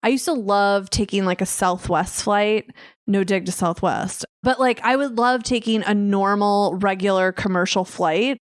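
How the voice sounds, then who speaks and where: A woman's voice: mid-range voice, moderate pace, dry recording, studio quality. Chatty woman podcast host. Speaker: podcast host, former chief of staff. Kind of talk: casual podcast interview.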